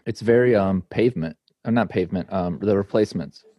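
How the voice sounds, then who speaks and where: A man on a video call adding music facts in a halting way, often trailing off mid-sentence. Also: low-pitched, dry recording, lo-fi sound. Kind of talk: casual chat.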